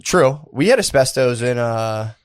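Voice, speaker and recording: A man's voice: mid-range voice, lively intonation, measured pace, no echo. A man co-hosting a casual comedy podcast, laid-back and laughing often, saying "dude" a lot. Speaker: podcast co-host.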